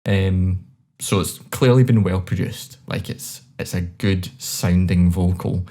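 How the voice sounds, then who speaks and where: A man with a Scottish accent co-hosting a podcast, reviewing songs in a relaxed, chatty way with many fillers. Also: low voice, slow pace. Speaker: podcast co-host. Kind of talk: casual chat.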